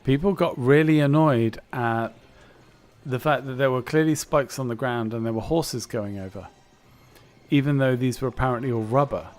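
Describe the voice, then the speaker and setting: Brief: male podcast co-host, relaxed and jokey, medium pitch. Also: moderate pace. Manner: chatty, jokey, fond of mock impressions. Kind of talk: casual film chat.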